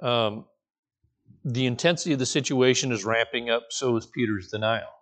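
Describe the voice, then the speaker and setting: A man preaching a sermon. He is animated, jumps into the voices of the people in the story and often restarts his sentences. His pitch is middling. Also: normal speed. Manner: animated, acts out the quoted voices, frequent restarts. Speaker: pastor.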